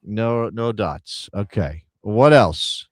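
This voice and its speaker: A man's voice: on the low side, animated, takes it slowly, no echo, clean studio sound. Rambling, chatty male live-stream host. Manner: rambling, chatty, thinks aloud while reading chat names. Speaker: soccer show co-host. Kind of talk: casual live-stream chat.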